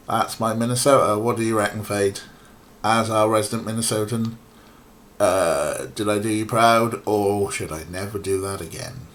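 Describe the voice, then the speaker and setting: A man's voice: on the low side, normal speed, fairly bright tone. A man with a mild Welsh accent casually commenting on a game he plays for his chat. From Wales. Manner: chatty, joking, asides to chat. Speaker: streamer. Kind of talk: casual let's-play commentary.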